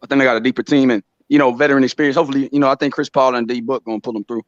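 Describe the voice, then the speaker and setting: A man from Houston, talking excitedly and slangily in a casual chat. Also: mid-range voice, rapid-fire, no room sound. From Houston, Texas. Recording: dull dry lo-fi mic.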